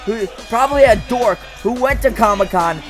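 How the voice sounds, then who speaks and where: A young man calls a wrestling match like a hyped ring announcer, shouting much of the time in a high, bright voice. He trash-talks the wrestlers with excitable energy, and faint music plays underneath. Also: normal speed. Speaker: play-by-play commentator. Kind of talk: hyped wrestling commentary over video game footage.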